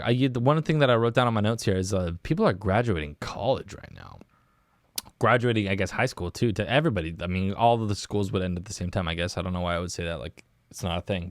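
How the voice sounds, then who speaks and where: A young man chats alone on his podcast in a loose, rambling way, laughing as he goes and tossing in "dude" every few lines. His voice is smooth and resonant, and the sound is close and dry. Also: lowish voice, dry recording. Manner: rambling, laughing often, saying "dude" a lot. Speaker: podcast host. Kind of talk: casual solo podcast chat. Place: small windowless indoor room.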